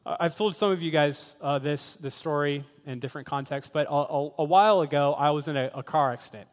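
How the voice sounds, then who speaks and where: A man preaching a sermon in a relaxed, conversational storytelling way, often speaking directly to his listeners. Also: fairly high pitch, a little fast. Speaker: pastor. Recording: long hall reverb.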